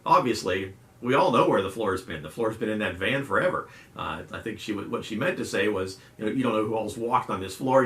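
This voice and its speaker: A middle-aged man with a bright, forceful voice pitched a little low tells folksy stories in a casual devotional talk, slipping into animated voices for the people he quotes. The sound carries a roomy echo. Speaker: youth pastor and video host.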